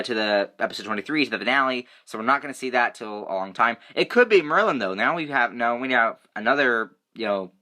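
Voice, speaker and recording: Bright-voiced excitable young man reviewing TV. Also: mid-range voice. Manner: excitable, rambling, many fillers like "you know" and "like". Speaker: TV review vlogger. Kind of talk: casual TV episode review.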